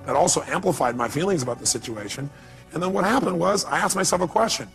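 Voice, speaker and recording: At a seminar hall, a motivational speaker addresses a live audience in a high, expressive, gravelly voice, talking fast over soft background music. He's emphatic, repeats his key phrases, and fires questions at the crowd.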